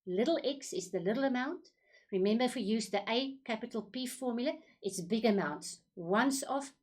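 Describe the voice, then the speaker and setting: A woman teaching a school maths lesson, patiently repeating key points and walking through each step slowly. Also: on the high side. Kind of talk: recorded classroom lesson.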